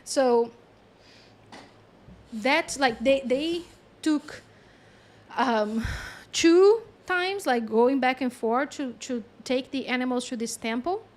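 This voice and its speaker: A woman channeling a story in a chatty, animated way, with lots of fillers and frequent laughs. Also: sits high, takes it slowly. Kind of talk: casual storytelling.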